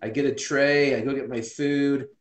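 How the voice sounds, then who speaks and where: A man's voice: medium pitch, steady tone, normal speed. Earnest man telling his story, roomy echo. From Utah, USA. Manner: earnest and reflective, many restarts. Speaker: interview guest. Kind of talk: personal storytelling in an interview.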